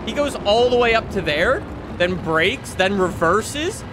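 Excitable high-voiced gamer guy. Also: measured pace, background noise. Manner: excitable, laughs a lot, talks to himself. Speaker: gaming YouTuber. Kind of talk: gameplay commentary.

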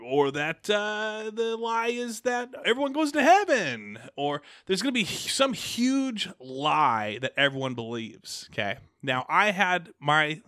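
A man co-hosting a casual podcast chat, rambling and animated with many restarts. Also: fairly high pitch, no room sound, studio quality. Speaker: podcast co-host.

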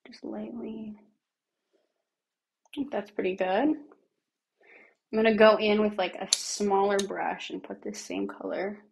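Brief: woman streamer, gravelly and raspy from a lingering cough, casual makeup chat that talks through each step, slips into near-whispers. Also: mid-range voice, steady tone, takes it slowly, pauses often, slight background noise. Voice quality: raspy, like a smoker. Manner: chatty, thinks aloud while working, drops to near-whispers. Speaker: livestreamer.

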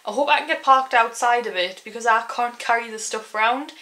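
A woman's voice: fairly high pitch, a little fast, bright, forceful tone, low-quality recording. A young woman chatting casually in a vlog, ranting in an exasperated way and saying "like" often. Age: young adult. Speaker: vlogger.

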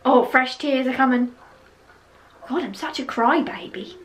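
A young woman comments on her old video in a chatty, giggly way, laughing at herself often. Her voice sits high. A faint hiss runs under the recording. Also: measured pace. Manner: self-mocking, giggly, chatty. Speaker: vlogger.

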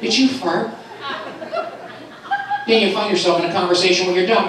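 Male stand-up comic, somewhat high voice, loud and teasing, recorded from afar in a roomy club, crowd laughter. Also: moderate pace, recorded from a distance. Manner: loud, animated, teasing the audience. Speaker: stand-up comedian. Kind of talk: stand-up comedy set with crowd work. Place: comedy club. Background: audience laughter.

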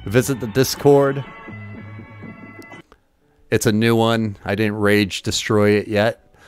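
A fairly low-voiced man talks through an old console game in a loose, joking stream, cursing at setbacks and hyping himself up. Faint chiptune music plays behind him. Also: takes it slowly. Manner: excitable, swears often, jokey self-talk. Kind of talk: casual game commentary.

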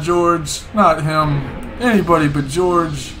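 A young man streaming a game, excitedly commenting, swearing and repeating words to himself. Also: fairly high pitch, takes it slowly, pauses often, a little hiss or hum. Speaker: gaming streamer. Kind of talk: casual gameplay commentary.

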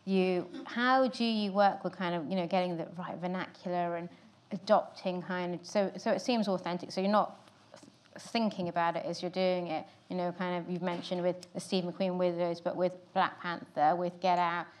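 A woman's voice: fairly low pitch, fairly even intonation, normal speed. A woman interviewer asking long, hedged questions full of "kind of" and "you know".

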